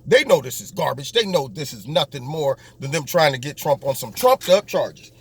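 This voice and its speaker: A man talks through a political commentary monologue on his own show. His voice sits a bit higher than most men's, and his delivery is sarcastic, often breaking into mocking impressions. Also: animated, moderate pace, a bit bright, breathy edge. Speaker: host.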